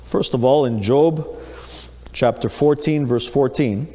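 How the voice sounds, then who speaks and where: A man preaching a sermon, dramatic and emphatic, acting out quotes with rising force. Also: unhurried. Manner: dramatic, rises high and loud on acted quotes. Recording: long reverb of a large hall.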